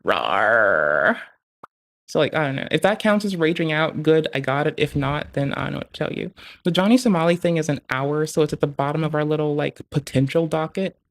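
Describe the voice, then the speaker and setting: A live streamer in loose casual chat, talking quickly and freely with constant fillers and swearing. The voice sits at an ordinary middle pitch. Thoughts tumble out and break off halfway. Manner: rambling, profane, self-interrupting; quick, animated delivery with many fillers.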